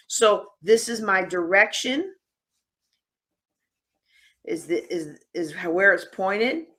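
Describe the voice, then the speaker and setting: A woman speaks to a live conference audience, her voice sitting a little high. She coaches in a lively, teasing way and leans into sarcasm to make her points. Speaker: host and workshop speaker. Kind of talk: live conference workshop talk. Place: conference room.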